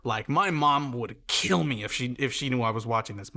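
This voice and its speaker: A man's voice: mid-range voice, animated, moderate pace, hardly any pauses, bright, forceful tone. A young adult man hosting a podcast in a rambling, sarcastic comedic rant with many restarts. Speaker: podcast host.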